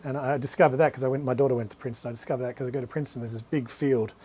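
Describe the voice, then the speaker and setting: A male author rattles along rapid-fire in a warm, slightly rough mid-range voice with a steady tone. It's a live talk to a small bookshop audience about his books, rambling through anecdotes with frequent restarts and asides.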